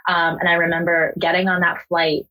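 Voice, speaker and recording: A young woman from the United States speaks as a podcast guest, sharing her own story in an open, emotional, unpolished way. Her voice sits low for a woman and has a husky, breathy grain. She swears casually and leans on "like" between thoughts. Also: flat delivery, brisk, sharp tone, rough recording. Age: young adult. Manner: candid, emotional, swears freely, many fillers like "like". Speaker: interview guest.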